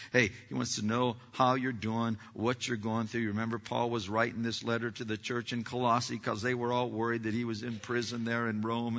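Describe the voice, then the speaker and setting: A man preaching a sermon as pastor of his church, talking conversationally and swinging between loud passages and hushed ones. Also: mid-range voice. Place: church sanctuary. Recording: echoey hall, dull lo-fi sound.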